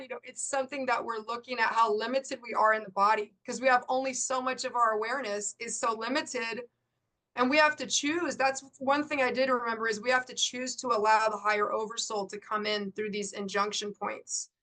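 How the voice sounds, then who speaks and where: A middle-aged woman coach, a guest in an interview, telling a story in lively bursts and laughing often. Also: fairly high pitch, fairly quick.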